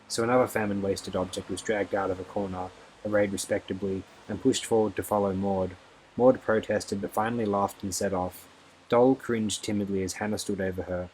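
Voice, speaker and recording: Man, audiobook narration, low voice, steady and expressive, faint background noise. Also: brisk, low-quality recording.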